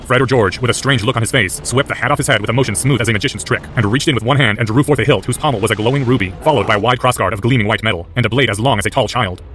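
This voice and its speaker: A man's voice: medium pitch, rapid-fire, hardly any pauses, fairly bright tone, slight background noise. A man narrating a story aloud as an audiobook, intense and driven. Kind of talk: audiobook narration of fan fiction.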